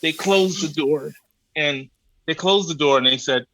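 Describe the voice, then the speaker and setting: Poor audio captures a man with a slightly high voice speaking a little slowly as a podcast guest. His comic travel anecdote is loose, colloquial, and casually profane, told with animation as he acts out exasperated exchanges with the people he met.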